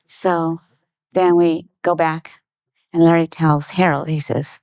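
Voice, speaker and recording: A middle-aged woman, a guest on a talk show, telling a personal anecdote in lively detail and acting out the voices of the people in it. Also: fairly low pitch, normal speed, dry recording. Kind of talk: storytelling in a conversation.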